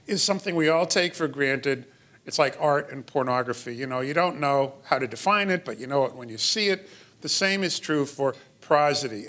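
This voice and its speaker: A man's voice: medium pitch, bright, forceful tone. A middle-aged man giving a lecture in a hall as a pediatrician, explanatory with wry asides. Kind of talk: lecture to an audience.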